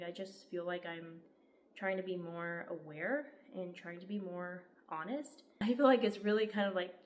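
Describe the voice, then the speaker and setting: A woman's voice: on the low side, slight background noise. A young woman gives an enthusiastic, heartfelt book review, peppered with "like". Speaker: book vlogger. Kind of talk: casual book review vlog.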